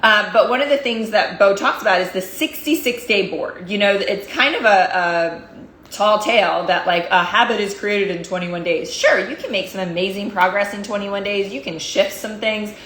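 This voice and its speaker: Speaking at a normal speed in a mid-range, slightly bright voice, a woman coach gives her followers a fired-up motivational talk, repeating phrases for emphasis. The echoey recording carries a little hiss or hum.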